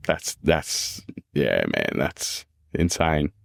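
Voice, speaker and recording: A man's voice: a bass voice, very animated, very slow, vocal fry, dry recording, studio quality. An Australian man talking earnestly and candidly as a podcast guest, repeating phrases and calling the listener "man" and "mate". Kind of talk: candid casual conversation.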